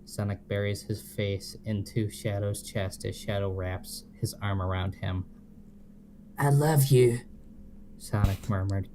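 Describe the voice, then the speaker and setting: Podcast co-host, man, deadpan slow reader, low voice. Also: a little hiss or hum. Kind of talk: reading fanfiction aloud, casual chat.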